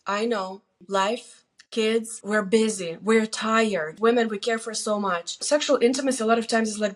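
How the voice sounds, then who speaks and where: A middle-aged woman talks through marriage advice with earnest conviction. Her voice sits somewhat high, and she slips into quick acted-out quotes to make her points. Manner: earnest, emphatic, faith-based, acts out quoted lines. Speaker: guest sharing marriage advice. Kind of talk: candid advice conversation. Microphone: video interview mic.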